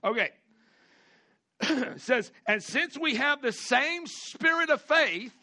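A man's voice: extremely high pitch, lively intonation, slow, pushed and bright. A man preaching a sermon as pastor, folksy, repeating phrases and stretching key words for emphasis.

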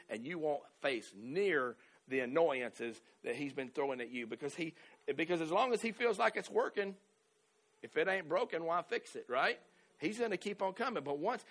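A man with a Southern American accent preaching with a high, bright voice. He drives his points home in an emphatic, rhythmic call-and-response style, and the congregation is invited to answer back. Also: lively intonation, normal speed. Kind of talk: sermon.

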